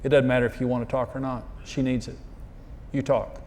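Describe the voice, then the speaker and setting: A middle-aged pastor and marriage teacher preaches a humorous marriage sermon to a live audience, telling folksy stories and acting out quoted voices. His mid-range voice is brisk and darkish with little pitch movement, over a little hiss or hum.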